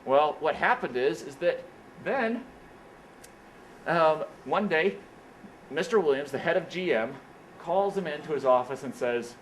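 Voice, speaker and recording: A man delivers a motivational career talk in an indoor meeting room, telling stories with an animated, repetitive rhythm. His voice sits a little higher than most men's. A faint background noise runs under his speech. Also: a little slow, long pauses, poor audio. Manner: animated storyteller, repeats "what happens is, is that". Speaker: speaker at an engineering career event.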